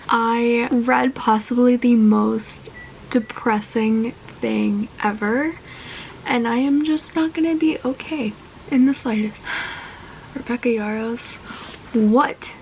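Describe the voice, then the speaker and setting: Excitable young woman gushing over a book. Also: on the high side, slow pace, slight background noise, low-quality recording. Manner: excited and gushing, drops to whispers. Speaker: book vlogger. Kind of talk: casual reading vlog chat.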